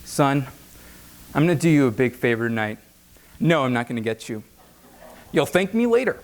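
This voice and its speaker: A man voicing a stern, matter-of-fact father, a little lower than his own voice. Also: animated, normal speed, natural voice. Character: stern dry older father.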